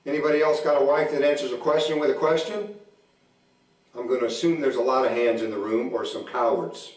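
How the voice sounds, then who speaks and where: A man in his forties doing stand-up comedy at a church event, telling deadpan stories about his marriage and acting out both sides of the arguments. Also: medium pitch, brisk. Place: church hall. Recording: echoey hall, mic from a distance.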